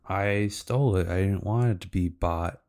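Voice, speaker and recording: A man's voice: deep voice, moderate pace, a little mellow. A man voicing a headstrong, dreamy young girl in a cartoon recap. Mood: defiant.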